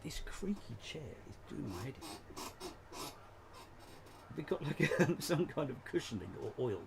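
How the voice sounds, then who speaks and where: A man's voice: mid-range voice, very animated, unhurried, vocal fry. A man hosting a casual live stream from his shed, rambling and chatty, often laughing as he talks. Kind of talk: casual chat. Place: home shed.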